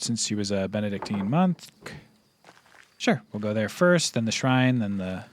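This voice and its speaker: A man's voice: on the low side, a little hiss or hum. A man giving casual, joking let's play commentary while streaming a game. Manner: casual, joking asides between read dialogue.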